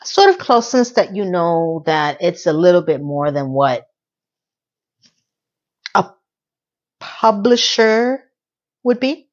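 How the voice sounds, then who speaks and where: A woman casually recapping a TV episode for her viewers, animated and playful, with asides to the audience. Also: fairly low pitch, slow, long pauses, muffled recording. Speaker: TV recap vlogger.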